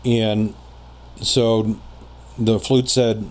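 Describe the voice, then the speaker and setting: A man telling a personal story in casual conversation as a podcast guest, rambling with many pauses and fillers. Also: fairly low pitch, level tone, darkish tone.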